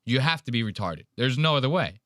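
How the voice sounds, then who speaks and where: A man's voice: mid-range voice, a little fast, no echo, studio quality. A man hosting a podcast, ranting in casual chat with lots of swearing. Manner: profane, ranting, animated. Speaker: podcast host.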